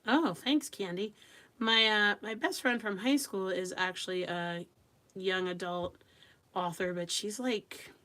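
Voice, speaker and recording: An adult woman with young children runs a live craft stream, reading out viewers' comments and chatting casually as she crafts. Her voice is medium-pitched and sharp in tone, and she doesn't hurry.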